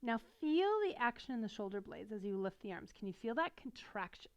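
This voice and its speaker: A middle-aged woman teaching a beginner yoga class, guiding gently and encouragingly while she demonstrates the poses, a little out of breath. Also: mid-range voice, animated, fairly quick, highs cut off. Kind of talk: guided yoga instruction.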